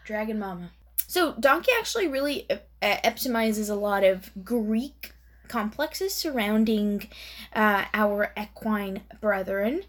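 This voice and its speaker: A woman's voice: mid-range voice, lively intonation. A woman from Karnataka in India, a native Kannada speaker, co-hosting a casual chat with a playful, giggly manner. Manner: playful, giggly, drawn-out delivery. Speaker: podcast co-host.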